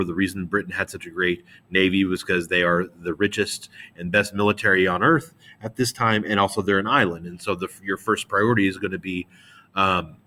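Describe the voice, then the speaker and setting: A male teacher gives a history lesson to a middle school class. He talks in a casual, slangy way, with frequent fillers and restarts. His voice is bright and somewhat low. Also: slight background noise.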